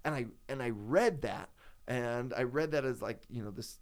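A man's voice: mid-range voice, normal speed. A man talking casually and at length, rambling with many fillers and restarts as he tells a personal story. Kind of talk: casual chat.

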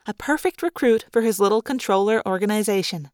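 A woman narrating a first-person story aloud as a fan audiobook reader, with a lively, expressive delivery. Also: medium pitch, brisk, few pauses, no room sound, clean studio sound.

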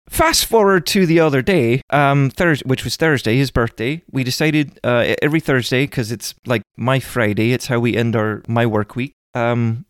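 A man's voice: mid-range voice, dry recording, clean studio sound. A man in his thirties hosting a casual podcast, keeping up a joking put-on accent on a dare. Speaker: podcast host.

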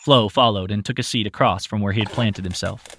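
A man narrating a storybook in an expressive reading voice. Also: fairly low pitch, a little fast, a little hiss or hum.

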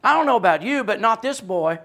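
A man preaching a sermon with a voice that carries, swinging from hushed, quiet passages to loud, emphatic ones. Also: high voice, expressive, brisk, a little hiss or hum.

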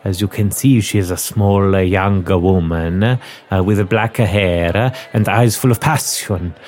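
A man voicing a stern middle-aged police inspector, reading a mystery game script for comedy, slow and full of hesitant pauses. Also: sits low, darkish tone, a little hiss or hum, pitched below the performer's own voice. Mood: commanding.

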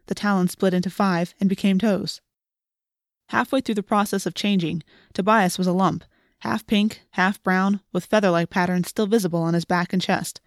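A woman narrating an audiobook in a steady, clear storytelling manner. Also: medium pitch, no echo, clean studio sound. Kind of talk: scripted narration.

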